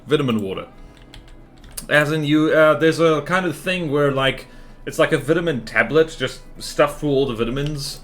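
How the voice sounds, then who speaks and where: A man's voice: medium pitch, fairly bright tone. A man chatting casually with his live-stream viewers while playing a game, rambling and laughing often as he answers chat.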